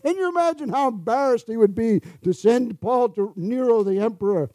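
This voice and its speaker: A man's voice: very high-pitched, expressive, normal speed, dark tone, no room sound. A man preaching a sermon, chuckling often, with sarcastic asides and acted-out quotes of the people he talks about.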